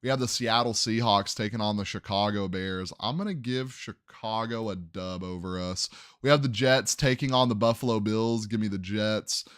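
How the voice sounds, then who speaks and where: Smooth-voiced young man calling game picks. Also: on the low side, moderate pace, a bit bright, no room sound, clean studio sound. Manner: thinks aloud, second-guesses his picks. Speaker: sports podcast host. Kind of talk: casual sports prediction talk.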